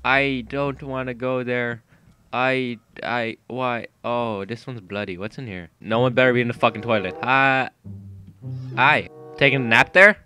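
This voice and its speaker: A young man giving jumpy, profane commentary while playing a horror game, yelping and shouting when startled. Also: medium pitch, steady tone, unhurried, smooth, soft background music. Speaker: gaming YouTuber. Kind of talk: horror let's-play commentary. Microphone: gaming mic with headphones.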